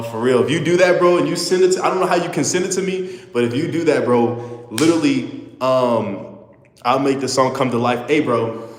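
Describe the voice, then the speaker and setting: A nineteen-year-old man from Houston, rambling earnestly to viewers on a casual livestream and saying bro a lot. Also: medium pitch. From Houston, Texas. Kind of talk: casual live chat with viewers. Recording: echoey room with long reverb.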